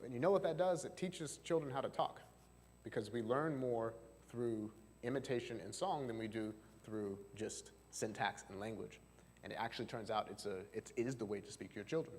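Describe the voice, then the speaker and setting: A man's voice: fairly low pitch, normal speed, slight background noise. A male marriage and family therapist giving a chatty seminar talk to a live audience, often asking them questions. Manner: chatty, asks the audience questions, frequent fillers. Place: church hall. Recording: long hall reverb.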